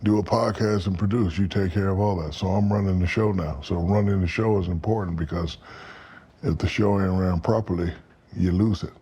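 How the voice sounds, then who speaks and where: A man in his fifties, a podcast guest, tells stories in a casual interview with a low, dark, husky voice at a fairly quick pace. He's animated and profane, acting out the people he quotes.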